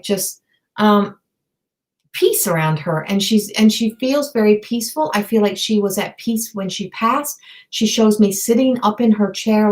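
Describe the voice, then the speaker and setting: Soft-spoken woman medium, halting speech. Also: a little high, low-quality recording. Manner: halting, searching, many fillers and restarts. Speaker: intuitive medium. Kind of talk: live-streamed psychic reading.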